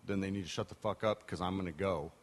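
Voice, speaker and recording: Low-voiced blunt man chatting. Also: steady tone, fast. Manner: blunt, swears. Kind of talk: casual chat.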